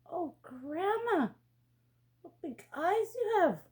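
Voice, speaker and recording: Little storybook girl, high, bright and trusting , voiced by a woman reading aloud. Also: big pitch swings, slow, exaggerated voice. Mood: wondering. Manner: bright, wide-eyed and polite. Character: small innocent girl, polite and trusting.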